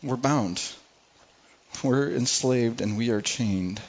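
A man's voice: medium pitch, slow, highs cut off. A male pastor preaching a sermon to a congregation, speaking conversationally, repeating words and asking the room questions. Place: church service before a congregation.

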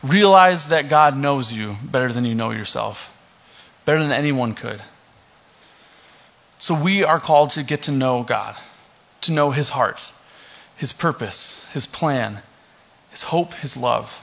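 Gravelly and medium in pitch, a young pastor's voice moves a bit slowly through a laid-back sermon. He reads scripture, tosses in jokes, and leans on lots of fillers; the lo-fi audio sounds dull and muffled.

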